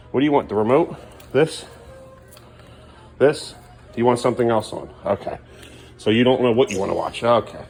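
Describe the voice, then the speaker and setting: A man's voice: medium pitch, darkish tone. A man filming a casual home vlog, coaxing his small son along and chatting to the camera at home at night. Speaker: father filming his family.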